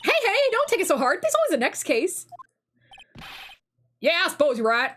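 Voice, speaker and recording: Woman voicing a blustery Southern detective guy for a game read, lively pitch swings. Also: moderate pace, a little hiss or hum, exaggerated voice. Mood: glum. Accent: put-on Southern US. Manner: blustery, says "pal" a lot. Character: gruff Southern male police detective, bumbling.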